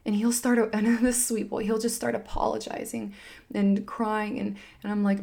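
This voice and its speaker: A woman's voice: mid-range voice, level tone, moderate pace, vocal fry, dark tone. A woman in her thirties talking candidly and earnestly about parenting, full of fillers and restarts. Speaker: parenting vlogger. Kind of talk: candid heartfelt monologue.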